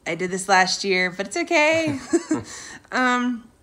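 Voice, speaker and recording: A woman's voice: fairly high pitch, lively intonation, takes it slowly, bright, forceful tone. A woman recording a giggly birthday greeting for her mother, doing several takes. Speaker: daughter.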